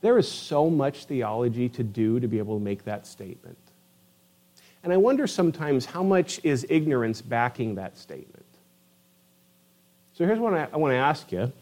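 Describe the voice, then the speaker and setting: A man preaching a sermon, animated and emphatic, asking his listeners rhetorical questions. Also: medium pitch, moderate pace. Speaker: pastor.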